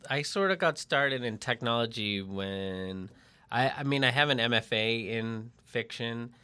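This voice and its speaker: A man's voice: mid-range voice, animated, a little slow, sharp tone, clear, resonant tone. A middle-aged man from Massachusetts chatting casually on a podcast, rambling and joking, stopping to restart his sentences. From Lexington, Massachusetts. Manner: rambling, self-interrupting, joking. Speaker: mobile strategist and copy editor. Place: separate barn at home.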